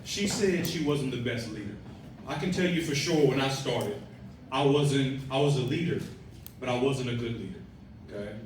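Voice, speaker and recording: A man's voice: medium pitch, lively intonation, moderate pace, a little hiss or hum. A man leading a team talk, speaking directly and instructively to his audience. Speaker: team leader interviewing a partner. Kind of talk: motivational talk to a live audience. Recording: echoey room from far off, faint crowd.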